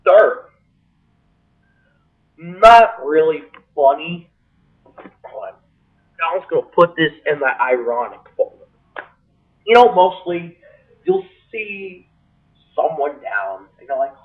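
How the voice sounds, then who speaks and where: A man ranting comically to his webcam, breaking into exaggerated high-pitched outbursts. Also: sing-song, slow, pauses often. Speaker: comedy vlogger. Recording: tinny lo-fi webcam audio, distant from the mic.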